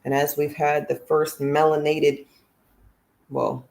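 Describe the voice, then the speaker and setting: Blunt, gravelly woman streamer. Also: low-pitched, flat delivery, slow, a little mellow. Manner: blunt, sarcastic and profane. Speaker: livestream political commentator. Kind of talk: casual livestream commentary.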